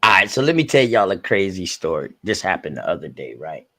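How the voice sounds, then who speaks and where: A man's voice: low-pitched, big pitch swings, brisk, sharp tone. Profane man telling a story on a call. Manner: profane, loose street talk; acts out voices of people in his story. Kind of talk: casual storytelling.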